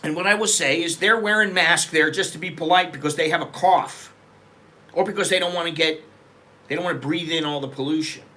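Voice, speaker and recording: A man's voice: on the high side, fairly quick, sharp tone. A middle-aged American man hosting a casual, rambling chat, talking frankly and loosely. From United States. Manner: digressive, loose, frank talk with frequent restarts. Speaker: host.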